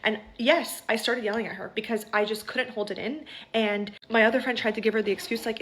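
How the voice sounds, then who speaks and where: A woman's voice: fairly high pitch, fairly even intonation, brisk, few pauses, fairly bright tone, slight background noise, low-quality recording. A woman vlogger telling a story in a heated, indignant rant, full of "like" fillers.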